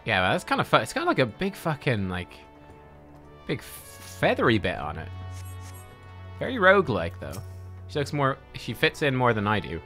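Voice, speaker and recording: A man's voice: mid-range voice, wildly swooping pitch, normal speed, pauses often, pushed and bright. A man giving casual let's-play commentary as a gaming streamer, chatty, swearing and laughing easily. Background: faint game music.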